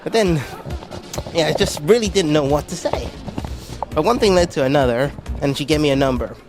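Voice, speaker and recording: A man's voice: a little high, a little fast. Young male stand-up comic over music. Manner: self-deprecating, animated storytelling with acted-out voices. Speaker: stand-up comedian. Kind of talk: stand-up comedy routine. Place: stage at a charity ball.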